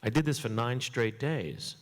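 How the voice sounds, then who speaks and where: A man telling a comic story on stage in an animated way, jumping up in pitch for punchlines. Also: a little slow. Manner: animated, swoops high for punchlines. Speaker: comedian guest. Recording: long hall reverb.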